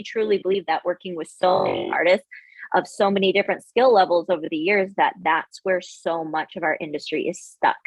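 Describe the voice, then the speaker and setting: A woman's voice: mid-range voice, dry recording, dull audio. A woman guest on a podcast, explaining her views in an earnest, reflective way. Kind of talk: casual interview chat.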